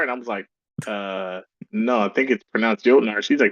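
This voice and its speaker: A man's voice: fairly low pitch, brisk, no room sound, lo-fi sound. A man co-hosting a casual gaming podcast, telling a shop story and acting out the lines people said. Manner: animated storyteller acting out quotes. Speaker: podcast co-host. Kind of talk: casual chat.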